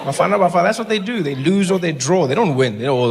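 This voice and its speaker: A man with a South African accent performing a stand-up comedy routine, acting out characters in quick voices. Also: fairly high pitch, lively intonation, gravelly, noisy background. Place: stage in front of a live audience.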